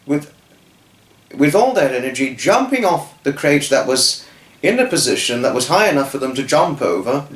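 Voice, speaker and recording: Man narrating a kids' story, lively pitch, stumbling restarts, roomy echo. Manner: halting, restarts and repeated words. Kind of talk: improvised storytelling.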